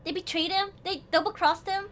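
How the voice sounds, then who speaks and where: A woman's voice: very high-pitched, steady tone, fairly quick, a bit bright, a little hiss or hum. A young woman streaming a horror game, giggling and talking to the game and herself in casual commentary.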